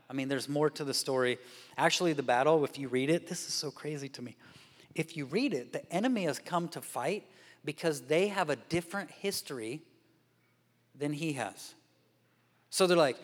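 Man, guest preacher, sermon, animated storytelling, acts out voices, slightly high voice, church hall reverb. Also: normal speed. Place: church sanctuary.

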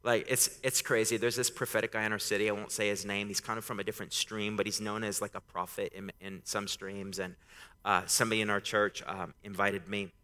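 A man's voice: fairly low pitch, little pitch movement, fairly quick, bright, forceful tone. A man in his thirties preaching a sermon, telling casual stories about his kids before building to emphatic exhortation. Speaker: pastor. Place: church sanctuary. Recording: long hall reverb.

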